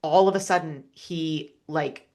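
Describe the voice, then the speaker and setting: A woman, a podcast guest, telling a personal story in an earnest, halting way, with many restarts and fillers. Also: low voice, fairly even intonation, dark tone.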